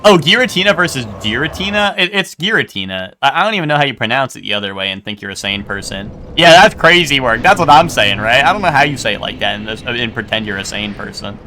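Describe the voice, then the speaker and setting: A man's voice: mid-range voice, animated, quick pace, few pauses, bright, forceful tone, slight background noise. A man streaming a game and chatting casually, rambling and playfully arguing with his chat. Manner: rambling, self-correcting, argues playfully with chat. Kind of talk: casual live-stream chat while gaming.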